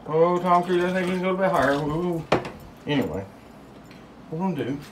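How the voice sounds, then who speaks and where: A man's voice: high voice, fairly quick, background noise. A man hosting a casual home cocktail demonstration, rambling and joking in drawled asides, recorded in a home kitchen. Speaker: home cocktail show host.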